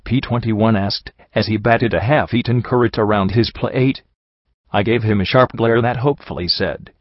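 Guy with a low voice narrating a story, dry close mic, kinda dull lo-fi sound. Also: normal speed, no room sound. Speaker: audiobook reader. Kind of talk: fan fiction audiobook narration.

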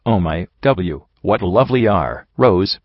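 A man voicing a deranged ghoul stallion prince with a low, booming voice. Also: animated, a little slow, dry recording, lo-fi sound. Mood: menacing charm. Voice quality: booming, boiled-sounding. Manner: grand, menacing, erupting into screams.

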